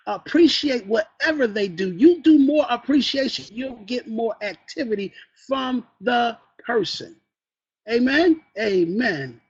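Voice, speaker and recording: A man's voice: very high-pitched, breathy edge. A man giving a motivational training talk as team trainer, preaching and asking the listeners questions. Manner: preachy, calls for "amen" and asks the listeners questions. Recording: dull lo-fi recording.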